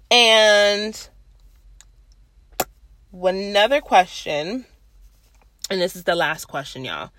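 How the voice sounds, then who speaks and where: Loud, outspoken young woman, casual solo podcast chat, bright tone. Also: fairly low pitch, dry recording. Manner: blunt and chatty, swears freely. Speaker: podcast host. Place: at her workplace.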